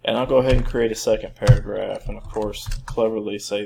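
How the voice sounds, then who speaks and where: A man in his thirties giving a relaxed, rambling coding lesson with many fillers and restarts. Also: fairly low pitch, a little fast, creaky, few pauses, noisy background. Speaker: teacher. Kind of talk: screen-recorded coding lesson.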